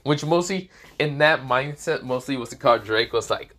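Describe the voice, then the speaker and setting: A man's voice: medium pitch, moderate pace, bright, forceful tone. A man improvising a fan-fiction story aloud, rambling with lots of fillers and casual swearing.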